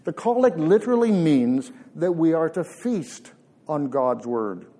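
A man preaching a sermon in church, earnest and measured with emphatic pauses. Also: fairly high pitch, expressive, dark tone. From Canada.

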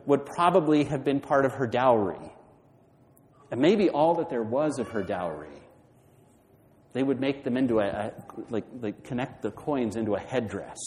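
A man's voice: mid-range voice, darkish tone. Man preaching in a reverberant hall. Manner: storytelling with questions to the congregation. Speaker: pastor. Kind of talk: sermon.

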